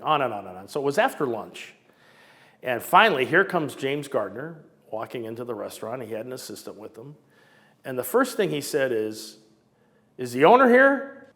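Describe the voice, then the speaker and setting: A man in his sixties from Southern California, telling old stories in a casual, lively way and acting out the people he quotes. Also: mid-range voice, long reverb tail. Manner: animated, acts out quoted voices. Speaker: storyteller recounting memories. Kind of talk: casual storytelling interview.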